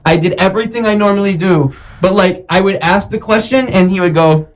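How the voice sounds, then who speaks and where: A man's voice: high-pitched, fairly quick. A man hosting a podcast in casual chat, easygoing and laughing along with his guest. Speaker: podcast host.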